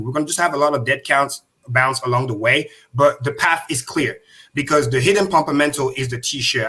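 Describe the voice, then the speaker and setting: A man's voice: medium pitch, sharp tone. A man hosting a crypto livestream, explaining emphatically and repeating key points. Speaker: host.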